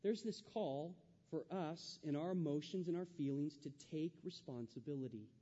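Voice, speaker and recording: A pastor preaching a sermon, emphatic and repetitive, asking the congregation rhetorical questions. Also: male voice, a little high, normal speed, mellow. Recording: dull lo-fi sound with long hall reverb.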